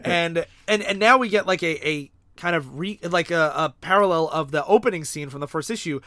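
A man with a slightly high voice chats casually in a group, recorded dry and close. He often jumps in to recite a comic's lines dramatically. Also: a little fast, a bit bright, no echo. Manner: chiming in, reading dialogue aloud with feeling. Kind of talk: casual chat.

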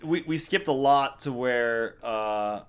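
A man co-hosting a casual podcast chat, speaking in halting restarts. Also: mid-range voice, clear, resonant tone. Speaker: podcast co-host.

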